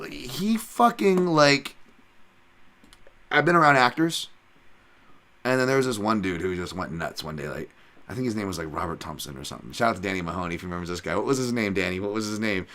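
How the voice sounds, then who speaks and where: A man from Hawaii hosts a casual podcast chat, blunt and profane. His voice sits low but comes across forceful and tense, and he rambles with frequent restarts. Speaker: podcast host.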